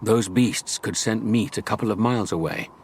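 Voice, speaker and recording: A man voicing a weakened young man who speaks in a grim, measured way. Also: on the low side, slight background noise, natural voice.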